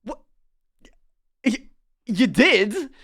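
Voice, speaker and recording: A young man telling a story casually on a live stream, animated and quick to laugh, swearing freely. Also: very high-pitched, gravelly, husky.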